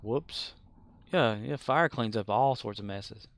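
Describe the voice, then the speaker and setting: A man's voice: medium pitch, takes it slowly, no echo. A man streaming a game, chatting casually with viewers in a rambling way and chuckling often. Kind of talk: casual live-stream chat.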